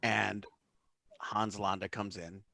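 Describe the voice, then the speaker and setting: A man's voice: on the low side, flat delivery, takes it slowly, creaky, pushed and bright. A man co-hosting a casual movie chat, teasing his co-host and retelling the film's scenes. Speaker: podcast co-host.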